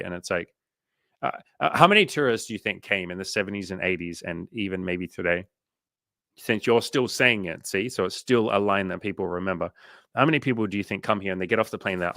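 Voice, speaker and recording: A young Australian man with a low, gravelly voice, recorded close and dry with no room sound. He coaches casually on a livestream, swearing freely and acting out inner voices as he goes. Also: brisk, fairly bright tone, no echo.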